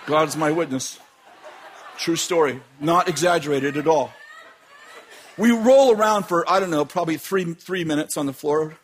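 A man preaching and telling a dramatic personal story, laughing often and shouting at the peaks. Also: on the high side, normal speed, slight background noise. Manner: animated, laughing, shouting at climaxes. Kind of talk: sermon storytelling.

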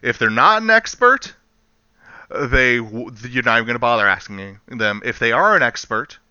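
A man chatting casually on a podcast, rambling and animated, laughing often. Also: mid-range voice, normal speed, clear, resonant tone, no room sound, highs cut off. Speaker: podcast co-host. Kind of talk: casual chat.

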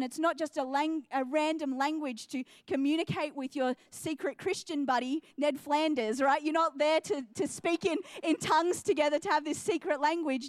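A young woman preaching a sermon in a high, bright-pitched voice. She is earnest and builds her points into emphatic, repeated declarations. The sound is close and dry, with no room around it. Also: dry recording. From New Zealand and Australia.

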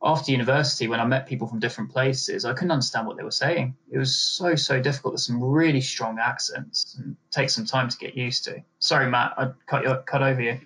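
A man's voice: mid-range voice, steady tone, fairly quick, hardly any pauses, fairly bright tone. A man from the UK hosting a casual chat in an easygoing, friendly way.

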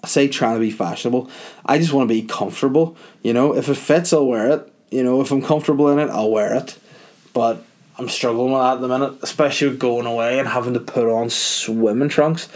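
A man's voice: mid-range voice, fairly quick, a little mellow. A middle-aged man, hosting a podcast in a crude, rambling, self-mocking comic monologue. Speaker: podcast host. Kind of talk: casual comedic monologue.

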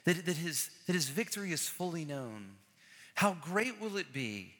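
A man preaching a sermon as pastor, animated and repeating key phrases, acting out the people in the story. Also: a little high, normal speed. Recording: large hall with long reverb.

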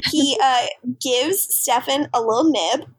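A woman with a slightly high voice chats through a show recap, laughing often and acting out the characters' lines. The sound is dry and close to the mic. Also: unhurried, dry recording. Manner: animated, laughing often, acts out quoted lines. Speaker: podcast co-host recapping episodes. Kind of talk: casual chat.

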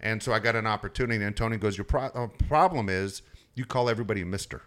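A man's voice: lowish voice, fairly bright tone. A male sports radio reporter telling frank, profanity-laced stories about how his career started. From San Diego area. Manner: quick, frank, sprinkles in profanity. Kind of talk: casual storytelling chat.

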